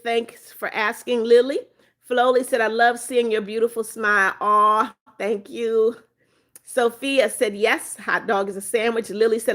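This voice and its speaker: A woman's voice: a little high, a bit bright. A woman from Florida hosting a phone livestream, reading viewers' chat comments aloud and thanking them by name, chatty and firm about her rules. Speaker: livestream host.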